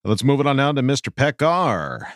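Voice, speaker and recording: A man's voice: medium pitch, sing-song, moderate pace, no room sound, studio quality. A man hosting a casual sports podcast, reading out listener questions and laughing often.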